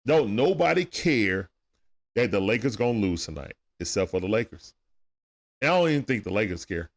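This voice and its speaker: A man's voice: lowish voice, animated, moderate pace. A man with speech doing loose, chatty play-by-play on a livestream, talking back to players and viewers. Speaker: livestream game commentator. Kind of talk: casual play-by-play commentary.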